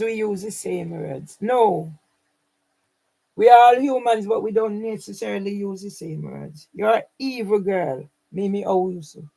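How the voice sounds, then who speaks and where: A woman's voice: medium pitch, normal speed, creaky, dark tone, rough recording. A woman, running her own channel, speaking straight to camera in an angry, accusing and repetitive way. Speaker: channel owner. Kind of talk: angry direct-to-camera rant.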